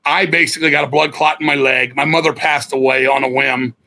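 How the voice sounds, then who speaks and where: A middle-aged man, a guest musician, telling stories in a blunt, profane, animated way. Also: mid-range voice, fairly quick, gravelly, rough recording. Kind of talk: casual storytelling interview.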